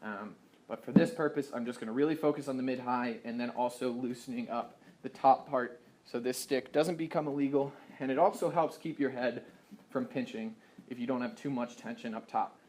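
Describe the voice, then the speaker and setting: A young man casually explaining a hands-on stringing job step by step, chatty and relaxed, with self-deprecating asides. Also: mid-range voice, brisk. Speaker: lacrosse stringing instructor. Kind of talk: casual how-to tutorial.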